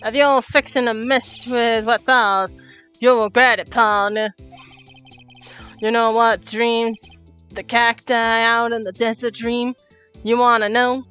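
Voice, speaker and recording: A woman voicing a swaggering Western male lawman, reading game dialogue with a loud cowboy drawl. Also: fairly high pitch, flat delivery, slow, clean tone, faint music behind. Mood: threatening.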